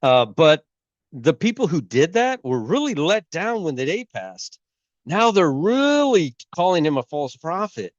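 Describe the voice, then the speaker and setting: A man hosting a casual religious commentary video, rambling and halting, with a cold and a sore throat. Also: on the high side, sing-song, no echo, muffled recording. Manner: rambling, halting, many restarts. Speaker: YouTube host.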